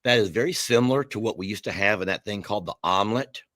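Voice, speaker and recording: A relaxed man chats casually, as if giving a home tour on a laptop. His voice sits fairly low, and the sound is dry and close, with almost no room around it. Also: fast talker, dry recording. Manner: relaxed, rambling, self-correcting. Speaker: host. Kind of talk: casual chat. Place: home and backyard. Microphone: laptop mic.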